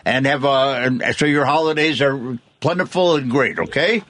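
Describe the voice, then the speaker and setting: A man's voice: medium pitch, moderate pace, a bit bright. A man co-hosting a radio show in casual, teasing chat. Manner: chatty, teasing, acts out kids' voices in stories. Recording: radio broadcast.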